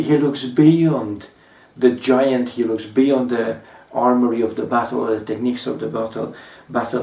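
A man preaching a sermon in a mellow, darker voice, pausing often and filling gaps as he tells stories. The sound is roomy and echoes, and he stands back from the mic. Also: medium pitch, distant mic. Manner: measured, warm storytelling with frequent pauses and fillers. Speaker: pastor.

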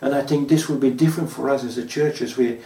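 A man preaching a sermon in a mellow, darker voice, pausing often and filling gaps as he tells stories. The sound is roomy and echoes, and he stands back from the mic. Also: medium pitch, steady tone, distant mic. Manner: measured, warm storytelling with frequent pauses and fillers. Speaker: pastor.

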